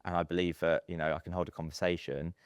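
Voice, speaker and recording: A man in his thirties, telling stories in a casual podcast interview, chatty and animated with plenty of fillers. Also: low voice, fast, clear, resonant tone, no room sound, studio quality. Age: 30s. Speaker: podcast guest, estate agency businessman.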